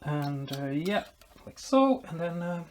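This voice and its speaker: A man's voice: a little high, very animated, slow, a little hiss or hum. A man vlogging as he builds a guitar, explaining while he works, rambling and making self-deprecating jokes. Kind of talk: casual workshop tutorial chat.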